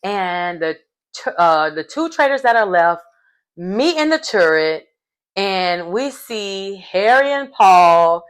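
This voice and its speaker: A woman's voice: mid-range voice, lively intonation, takes it slowly, clean tone. A woman giving a casual, gossipy recap of a reality show, chatty and acting out quotes as she goes.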